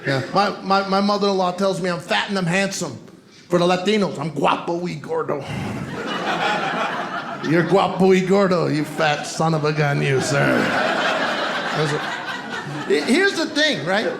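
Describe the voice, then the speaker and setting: High-voiced male comic working the crowd. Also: animated, normal speed, gravelly, long pauses. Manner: teasing crowd work, punchy delivery. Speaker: stand-up comedian. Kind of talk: stand-up comedy set. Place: comedy club stage. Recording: roomy club with crowd noise. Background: audience laughter.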